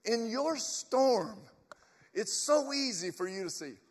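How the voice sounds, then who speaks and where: A man's voice: very high voice, expressive, slow pace, slightly rough. A man preaching a sermon, emphatic and storytelling, addressing his congregation in a church. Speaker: pastor. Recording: long church reverb.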